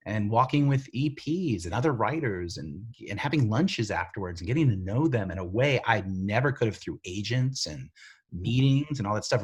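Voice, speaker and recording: A middle-aged man, a TV writer and showrunner, telling stories in a casual interview, lively and full of fillers, acting out the voices of other people. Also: medium pitch, breathy edge. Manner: animated, filler-heavy storyteller who acts out quoted voices.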